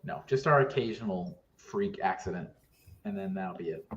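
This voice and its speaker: A man co-hosting a casual live-stream chat, telling stories in an animated way with quick asides. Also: fairly low pitch, slight background noise. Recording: dull lo-fi remote audio.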